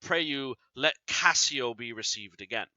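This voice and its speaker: A man's voice: medium pitch, animated, a little slow, sharp tone, dry recording. A man reading the lines of a loyal young wife who sounds defensive and pleading, recorded dry and slightly dull.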